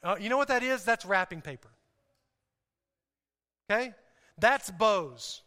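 A man preaching a sermon to a congregation in an animated, joking way, often repeating himself and restarting. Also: high-pitched, normal speed, long pauses. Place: church hall. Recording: hall reverb.

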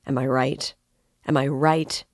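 A woman reading the part of an excitable, drunken young man who rants passionately. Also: a bass voice, takes it slowly, no room sound, studio quality. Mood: impassioned. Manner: impassioned, ranting.

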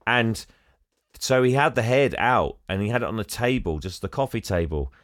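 A man and podcast host retelling a film plot in casual chat, animated and laughing often. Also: lowish voice, normal speed, no echo, studio quality.

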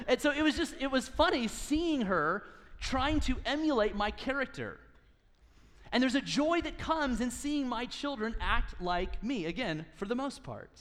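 A man's voice: extremely high pitch, expressive, normal speed, fairly bright tone, long reverb tail. A man in his thirties preaching a sermon, earnest and teaching, with touches of light humor. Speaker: pastor.

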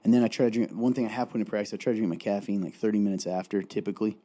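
A man's voice: fairly low pitch, rapid-fire, mellow. A young man co-hosting a podcast in easygoing casual chat, often trailing off mid-sentence. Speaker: podcast co-host.

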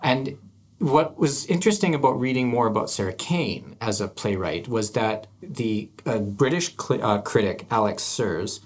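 A man's voice: fairly low pitch, animated, normal speed. A man hosting an arts podcast, chatting casually and thinking aloud with frequent restarts. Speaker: podcast host. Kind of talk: casual chat.

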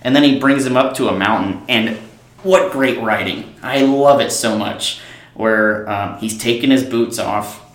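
A man's voice: mid-range voice, unhurried. A man co-hosting a casual podcast about movies, talking enthusiastically and retelling scenes with a laugh now and then. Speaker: podcast co-host. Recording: roomy echo.

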